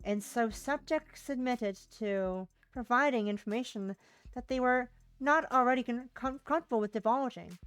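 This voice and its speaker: A woman's voice: on the high side, moderate pace, dry recording. Casual swearing woman streamer. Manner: casual, swears freely, thinks aloud. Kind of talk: live game commentary, reading game text aloud.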